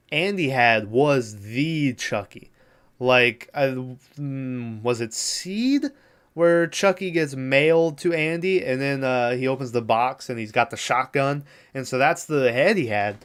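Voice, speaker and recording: A man's voice: mid-range voice, a bit bright, clean tone. A young man hosting a podcast, giving a casual, rambling recap of a TV show with plenty of fillers and swearing. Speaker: podcast host.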